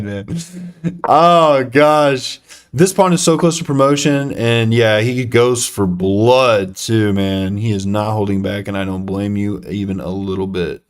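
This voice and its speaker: A man's voice: medium pitch, a little slow. A young man live-streaming a chess game, talking to himself and chat with lots of fillers and self-deprecating groans.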